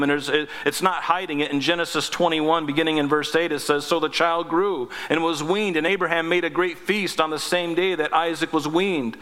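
A man with a bright, forceful voice preaches a sermon, reading scripture passages and pausing to comment on them. His voice rings out in a hall with long reverb, sitting a little higher than most men's. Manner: reads scripture aloud, breaks in with asides.

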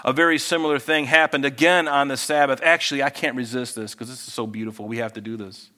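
A man preaching a sermon as pastor, moving between quiet, intimate asides and raised, emphatic passages. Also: mid-range voice, fairly even intonation, fast talker.

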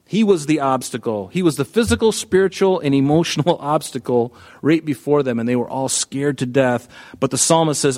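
A man preaching a sermon, emphatic, rising to loud peaks when he quotes scripture. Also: a little high, a little fast.

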